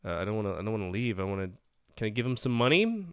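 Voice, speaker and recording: A man with a somewhat low, smooth voice reads a detective game's narration aloud and tosses in wry asides. The sound is close and dry, with faint music underneath. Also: very animated, racing, no echo. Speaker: let's-play streamer. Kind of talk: reading game text and commenting.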